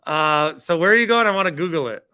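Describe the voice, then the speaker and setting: Male show host, higher bright voice, joking and teasing tone. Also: lively intonation, fast talker, clear, resonant tone, no echo, clean studio sound. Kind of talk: casual call-in chat.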